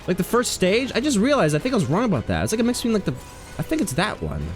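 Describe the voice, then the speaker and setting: A man streaming a video game, chatting casually with viewers, swinging between low mumbles and sudden loud, sweary outbursts. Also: wildly swooping pitch, racing, soft background music. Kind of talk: casual live gaming commentary.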